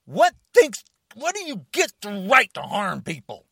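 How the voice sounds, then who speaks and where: High-pitched man shouting an angry rant. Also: wildly swooping pitch, a little slow, vocal fry, slightly rough, dry recording, studio quality. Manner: shouting, confrontational, challenging listeners.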